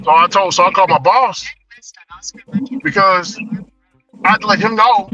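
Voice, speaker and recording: Animated man telling a story in a car. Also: sits high, a little slow, pauses often, distant mic, lo-fi sound. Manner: animated, repeats words, acts out quoted voices. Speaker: delivery driver telling a story. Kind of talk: casual storytelling vlog. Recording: voice a bit off-mic, faint music behind.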